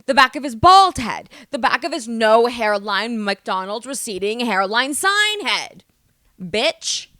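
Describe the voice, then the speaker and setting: A young woman from the United States, hosting a podcast and telling stories in a loud, animated, swearing way. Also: on the high side, slow pace, no echo, studio quality. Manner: animated, swearing, exaggerated storytelling. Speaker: podcast host. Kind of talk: casual storytelling monologue.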